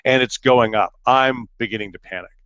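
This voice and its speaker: In an education webinar, a middle-aged presenter spins chatty anecdotes with self-deprecating humor and plenty of fillers. He speaks at normal speed in a smooth, mid-range, slightly bright voice. The recording is dry and muffled.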